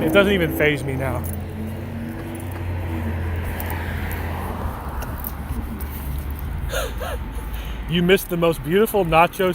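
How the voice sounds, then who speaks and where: A man live-streaming outdoors on a city street at night, answering viewers' messages in a rambling, joking way that often breaks into laughter. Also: a little high. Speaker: IRL livestreamer. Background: faint traffic and street ambience.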